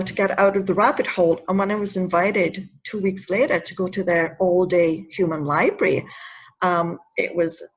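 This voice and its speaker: A woman's voice: medium pitch, husky, lo-fi sound. A woman in her fifties telling a personal story in an interview, earnest and emotional, often stopping and restarting her words. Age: 50s. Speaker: interview guest, anti-bullying advocate.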